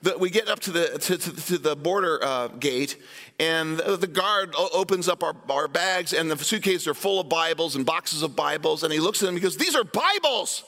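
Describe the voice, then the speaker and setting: A pastor in his fifties or older, from Iowa, preaching a sermon and telling a story, with animated asides to the congregation. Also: on the high side, brisk. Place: church sanctuary. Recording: long hall reverb from a church sanctuary.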